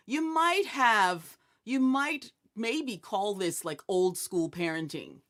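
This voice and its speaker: A woman's voice: medium pitch, lively intonation, slow, few pauses, fairly bright tone. A woman hosting a live inspirational talk show, chatty and joking, often putting questions to her audience. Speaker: host.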